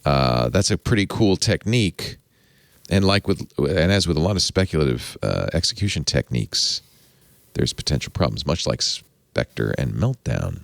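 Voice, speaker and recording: A man's voice: extremely low pitch, expressive, moderate pace, gravelly, no room sound. A man hosting a tech podcast, talking casually and rambling, often correcting himself and chuckling. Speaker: podcast host.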